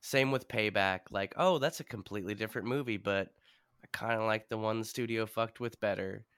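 A man co-hosting a movie podcast, swearing freely and telling animated stories in casual chat. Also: on the low side, brisk, smooth, no echo, clean studio sound. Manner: profane, animated storyteller. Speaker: podcast co-host.

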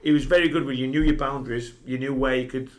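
A man's voice: medium pitch, steady tone, fast talker. A man, a podcast guest telling a long, sweary dressing-room story and laughing often as he goes. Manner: laughs through his stories, sweary. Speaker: podcast guest, former footballer. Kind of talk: casual anecdote telling.

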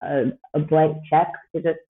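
Speaking a little slowly with a low, flat delivery, a Canadian podcast guest in her thirties chats in a rambling, casual way. She uses plenty of fillers and laughs often, and the audio is tinny like a phone line.

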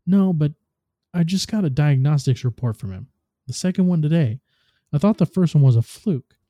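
A man's voice: on the high side, lively intonation, moderate pace, dark tone, no room sound, studio quality. A man doing an eager young tinkerer woman. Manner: gushing, then worried.

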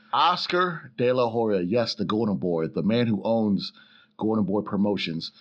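A man giving boxing talk as a guest on a casual sports podcast, relaxed and joking as he tells stories. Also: on the low side, highs cut off.

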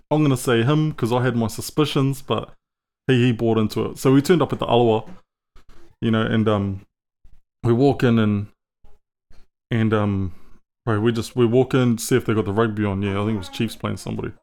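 A man's voice: mid-range voice, darkish tone. A middle-aged man with a New Zealand accent, a podcast guest telling stories in a laid-back way, swearing freely and laughing through them. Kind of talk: casual storytelling.

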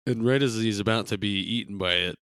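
A man's voice: lowish voice, fast, a bit bright, clean tone, no room sound, studio quality. A young man co-hosting a podcast in casual chat, laughing often and slipping into jokey impressions. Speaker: podcast co-host.

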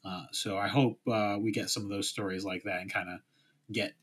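A man with a husky, slightly breathy voice chats on a podcast. He rambles, trails off quietly and acts out little quotes. He talks casually and relaxed. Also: lowish voice, normal speed. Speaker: podcast co-host. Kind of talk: casual chat.

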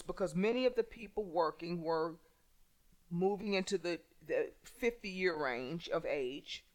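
A woman in casual conversation, telling workplace stories with many restarts and halting phrases. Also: lowish voice, fairly bright tone. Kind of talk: conversational storytelling.

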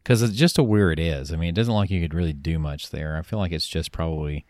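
A man's voice: low-pitched, fast, darkish tone. A man co-hosting a casual podcast, talking in an easygoing, hedging way and often correcting himself. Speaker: podcast co-host. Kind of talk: casual chat.

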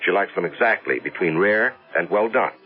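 Husband, male, anxious, expressive, vintage radio-drama tone. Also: low voice, normal speed. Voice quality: husky, earnest. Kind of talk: 1970s radio drama acting. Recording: tinny old radio broadcast.

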